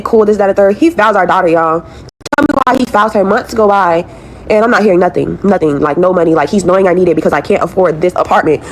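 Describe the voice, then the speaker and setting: A young woman rattles off a heated, profane rant at a quick clip, circling back to the same complaints again and again. Her voice sits at a middling pitch, and a faint hum of room noise runs under it. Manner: profane, repetitive, exasperated venting. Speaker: woman in a viral video clip. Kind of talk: venting rant to followers.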